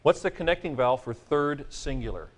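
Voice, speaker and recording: A man's voice: medium pitch, lively intonation, brisk. Playful male seminary Greek lecturer. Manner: playful, joking, chanting mnemonics. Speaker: Greek professor. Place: classroom.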